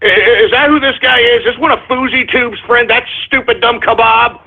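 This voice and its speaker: A man's voice: very high-pitched, steady tone, fairly quick, creaky. Ranting man on a muffled phone line. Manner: angry, profane, repetitive ranting. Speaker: radio show host. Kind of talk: ranting call-in radio monologue.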